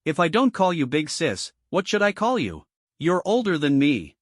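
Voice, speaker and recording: A man's voice: a little high, very animated, normal speed, no room sound, studio quality. A man voicing a polite, easygoing young martial arts champion speaking to his elders and a friend. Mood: casual.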